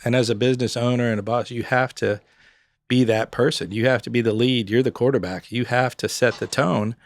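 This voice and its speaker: A middle-aged man and former pub owner chatting on a podcast, an animated storyteller who acts out customers and staff in quick little voices. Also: medium pitch, no echo. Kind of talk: casual podcast conversation.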